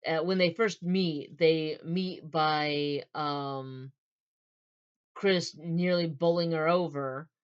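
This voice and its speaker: Brief: casual book reviewer, woman, low voice, rambling and filler-heavy, muffled recording. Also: fairly even intonation, takes it slowly, smooth. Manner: rambling, many fillers and restarts, retells scenes in quoted voices.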